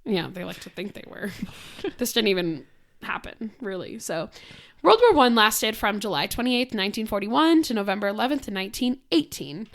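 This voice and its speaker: A young woman co-hosting a casual podcast, hoarse from a cold and laughing often as she talks. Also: medium pitch, expressive, normal speed, a bit bright. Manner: giggly, laughs often between lines. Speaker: podcast co-host.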